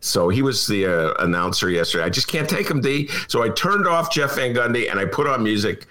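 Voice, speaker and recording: Speaking from his apartment, this talk show host has a mid-range voice with a sharp tone, lively intonation and a brisk delivery. He performs a comic, casual monologue in a theatrical, mock-outraged way, laughing at his own jokes as he goes.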